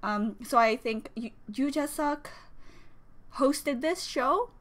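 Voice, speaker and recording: A woman reacting to a music video, with excitable, gushing exclamations and a little out of breath. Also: high voice, slow pace. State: slightly out of breath. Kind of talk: casual reaction commentary. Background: music video playing.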